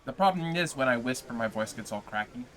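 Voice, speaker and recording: A man's voice: medium pitch, animated, a little fast, fairly bright tone. A man hosting a livestream, chatting casually and playfully with his viewers before a reading. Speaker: livestream host and reader.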